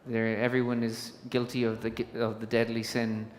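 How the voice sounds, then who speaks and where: A man's voice: medium pitch, completely flat delivery, normal speed, a little hiss or hum. Man moderating on a conference stage. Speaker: panel moderator. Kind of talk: conference panel chat. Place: conference stage in a large hall. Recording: long hall reverb from a PA.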